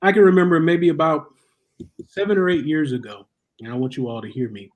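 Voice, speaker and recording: A man's voice: a little high, brisk. Guy on a talk show telling personal stories, voices other people's lines. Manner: animated storyteller, acts out quotes. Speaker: guest chaplain. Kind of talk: storytelling in conversation.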